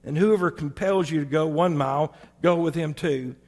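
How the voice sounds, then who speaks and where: Man preaching with measured emphasis. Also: on the high side, a little mellow, long reverb tail. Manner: measured, emphatic preaching with slow stressed phrases. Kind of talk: sermon.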